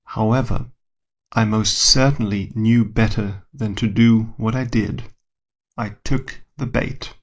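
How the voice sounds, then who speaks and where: A man's voice: mid-range voice, moderate pace, vocal fry. A man, a scientist, telling a first-person story in a dry, wry, self-deprecating manner.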